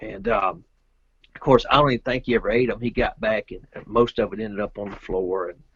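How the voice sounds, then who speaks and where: A middle-aged man from Georgia, telling a rambling, animated story as a guest in a casual interview. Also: fairly low pitch, fairly quick, slightly rough, dry recording, muffled recording. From Georgia, USA. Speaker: guest, pro pool player.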